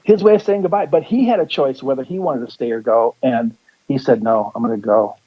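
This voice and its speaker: A psychic guest on a radio show speaks fairly quickly in a mid-range, breathy voice, wandering through a story, restarting sentences and performing the lines of the people in it. The sound quality is lo-fi.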